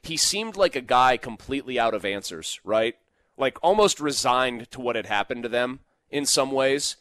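A man co-hosting a sports talk show, arguing his points in animated casual debate and often saying "like". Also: mid-range voice, normal speed, dry recording. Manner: argumentative, animated, fond of "like".

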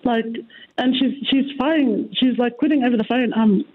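A woman's voice: a little high, normal speed. A woman manager on the phone, flustered and dismayed. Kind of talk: phone call to radio show. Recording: tinny phone line.

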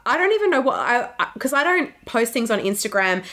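A woman's voice: a little high, very animated, fairly quick, pushed and bright. Chatty pregnant woman co-hosting a podcast. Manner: chatty, laughs often while telling stories. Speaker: podcast co-host. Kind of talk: casual chat.

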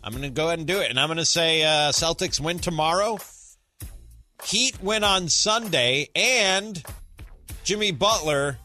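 Male sports radio host, bright and somewhat high voice, chatty and laughing, faint music bed underneath. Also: lively intonation, normal speed. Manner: chatty, laughs often, runs the segment. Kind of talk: casual sports radio banter.

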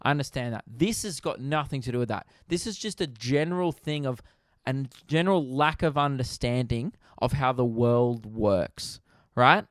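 A man's voice: mid-range voice, normal speed, dry recording, clean studio sound. A young Australian man hosting his own podcast, telling stories casually, swearing a lot and acting out the people in them. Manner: swearing, animated, acts out other people in funny voices. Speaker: podcast host. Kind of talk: casual solo podcast storytelling.

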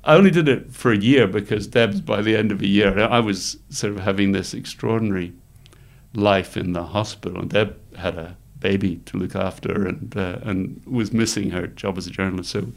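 A middle-aged man, telling lively stories as an interview guest and laughing often. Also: lowish voice, moderate pace, gravelly. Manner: animated anecdotes, laughs often, acts out quoted voices. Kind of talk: storytelling in conversation.

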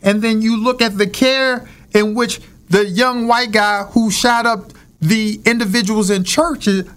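A man's voice: high-pitched, fairly even intonation, measured pace, a bit bright. A man hosting a casual discussion, earnest and preacherly, building his points with rhetorical questions.

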